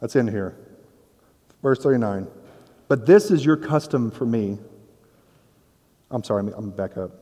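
A man's voice: mid-range voice, expressive, a little slow, long pauses, mellow, in a large hall. A man preaching a sermon in a conversational, self-deprecating way, acting out quoted voices. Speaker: pastor.

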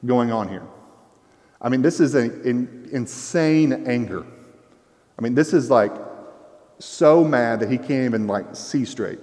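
A man's voice: mid-range voice, expressive, measured pace, long pauses, a little mellow. A man preaching a sermon in a casual, conversational way, full of fillers like "like" and "I mean.". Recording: long reverb of a hall.

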